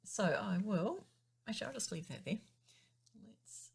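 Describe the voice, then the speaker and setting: A woman's voice: mid-range voice, huge pitch swings, normal speed, gravelly, long pauses, slightly rough. A woman piano teacher patiently explaining time signatures and counting beats aloud in a chatty way. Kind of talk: explaining music theory in a lesson.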